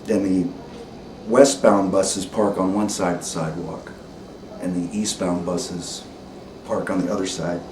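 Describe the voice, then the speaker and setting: A man telling a story in a deliberate, measured way, pausing to set the scene. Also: low-pitched, fairly even intonation. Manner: deliberate, careful, with pauses and ums. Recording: roomy, distant mic with noise.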